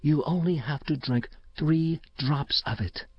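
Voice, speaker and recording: Man reading as a frail, frightened woman in a storybook: hushed, desperate, dreamy, a little higher, dull lo-fi sound. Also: measured pace, slightly rough, no echo. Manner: whispering, dreamy, sob-tinged.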